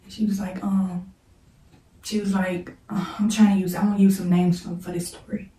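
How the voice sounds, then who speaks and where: A woman speaks in a mellow, warm voice, halting and close to tears as she tells a painful personal story. She repeats herself and pauses now and then to pray. The mic sits some way from her in a roomy, echoey space. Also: mid-range voice, flat delivery. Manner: halting, repeats "like", prays between passages. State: holding back tears. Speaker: storyteller vlogger. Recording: roomy, echoey room mic set at a distance.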